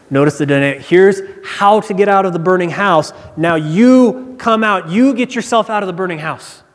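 A man preaching a sermon as pastor, earnest and emphatic, repeating his key points, recorded in a church sanctuary with long reverb. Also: fairly high pitch.

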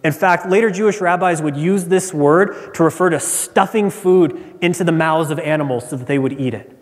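Earnest preacher in a reverberant hall. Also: male voice, fairly high pitch, normal speed. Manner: earnest, emphatic, often repeats key lines. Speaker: pastor. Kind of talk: sermon.

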